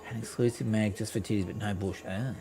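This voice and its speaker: A man's voice: on the low side, steady tone, fast talker, creaky. A man streaming live, telling a rambling, profane story with lots of restarts. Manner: rambling, swears freely, restarts a lot. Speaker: game streamer.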